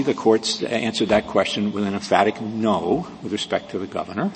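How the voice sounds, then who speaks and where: A man arguing a case as an advocate in a courtroom, measured and precise, with frequent restarts. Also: fairly low pitch. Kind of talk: courtroom oral argument. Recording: reverberant courtroom audio with faint hiss.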